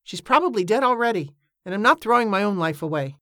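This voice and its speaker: A woman's voice: mid-range voice, lively intonation, fast, fairly bright tone, no room sound, pitched above the performer's own voice, lightly acted. Woman as a surly older boatman, condescending and stubborn, dry sound.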